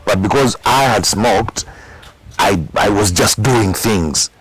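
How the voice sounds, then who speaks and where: A very low-pitched man with a Ugandan accent talks openly in an interview about his past. He tells it as a story, repeating words for emphasis and putting on the voices of the people he quotes. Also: slow pace, slightly rough, rough recording. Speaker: musician recounting his past.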